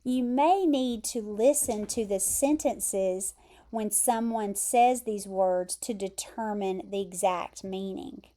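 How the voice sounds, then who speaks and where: A woman with an American accent teaching English vocabulary, explaining word pairs carefully and repeating pronunciations clearly. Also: mid-range voice, slow, warm tone. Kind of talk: vocabulary lesson.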